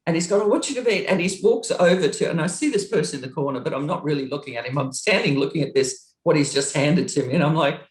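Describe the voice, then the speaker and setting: Talking fast with few pauses, the middle-aged ex-roadie rattles through an interview story in a roomy-sounding space. She's lively, laughs as she goes, and acts out the dialogue with big pitch jumps.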